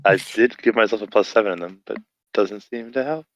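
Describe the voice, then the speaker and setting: A man's voice: lowish voice, brisk, no echo, highs cut off. A man playing in a tabletop game over voice chat, asking questions and making joking asides. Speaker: player. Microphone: headset or desk mic on voice chat.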